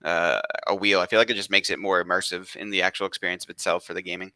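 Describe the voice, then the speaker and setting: A man's voice: low-pitched, fast talker, no echo. A man with a New York accent hosting a livestream, chatting casually and reading questions from chat. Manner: relaxed, reads chat questions. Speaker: stream host.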